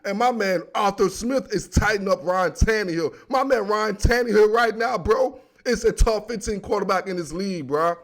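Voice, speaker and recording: A young man giving a solo football recap, talking in excitable, joking slang. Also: high voice, moderate pace, hardly any pauses. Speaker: sports commentator.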